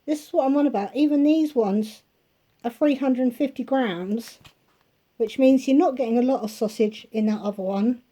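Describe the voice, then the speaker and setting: A woman with a slightly high but mellow, warm voice talks through a grocery haul in her home kitchen. She chats casually and keeps wandering into asides. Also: moderate pace. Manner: rambling, with chatty asides. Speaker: vlogger showing a grocery haul. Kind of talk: casual chatty haul video.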